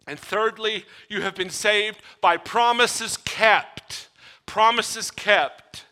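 A male pastor preaching a sermon, emphatic and given to drawn-out repetition. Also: high-pitched, sharp tone.

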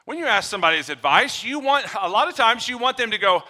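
A man preaching a sermon, shifting between quiet low passages and loud emphatic ones, acting out little dialogues with humor. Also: big pitch swings, fast talker. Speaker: pastor.

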